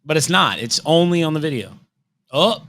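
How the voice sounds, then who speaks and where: Recorded dry, this thirty-something podcast co-host talks at a moderate pace with a fairly high pitch, joining by video call from his home. He's animated and rambling, fond of breaking into silly accents during the casual conversation.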